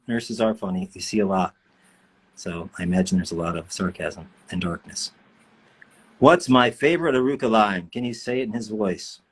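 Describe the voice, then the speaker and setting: A man's voice: lowish voice, husky. A man, a voice actor, chats in a playful, joking way with fans while signing autographs on a livestream. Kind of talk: casual livestream chat. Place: indoor room.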